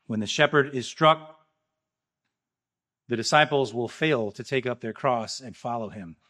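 Bright-voiced man preaching emphatically. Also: mid-range voice, a little slow. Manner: emphatic preaching, swinging between loud rises and quiet drops. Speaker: pastor. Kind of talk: sermon.

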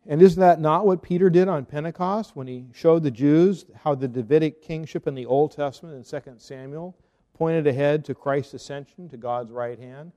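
A man's voice: on the high side, moderate pace, warm tone, lo-fi sound. Man arguing theology in an echoing hall. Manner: earnest, argumentative, rhetorical questions. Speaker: Reformed pastor. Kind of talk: theological talk.

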